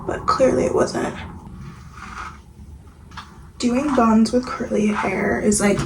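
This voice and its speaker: A young woman vlogs from home, kitchen and getting ready, in a slow, rambling, filler-heavy chat. Her voice sits on the high side with vocal fry and fairly even intonation, staying soft and sometimes nearly whispered. Background noise and room ambience are audible.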